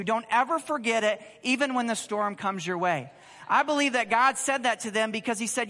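A man preaching a sermon, conversational and animated, asking the congregation rhetorical questions. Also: very high-pitched, moderate pace, long reverb tail. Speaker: pastor.

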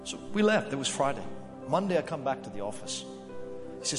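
A man's voice: medium pitch, fairly quick, long pauses. Storytelling male pastor in echoey hall. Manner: storytelling, animated quoted voices. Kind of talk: sermon. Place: church sanctuary. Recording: echoey hall with music behind.

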